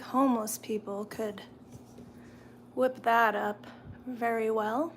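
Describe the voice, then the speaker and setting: Slow-talking woman chatting while eating. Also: a little high, fairly even intonation, slight background noise. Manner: chatty, answers viewer comments while eating; talks while chewing. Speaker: live-stream host. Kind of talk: casual live-stream chat.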